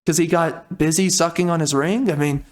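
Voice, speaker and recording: High-voiced man in an exasperated rant. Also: steady tone, normal speed. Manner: exasperated, indignant ranting with mild swears. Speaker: video reactor. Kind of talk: comedic trailer reaction rant.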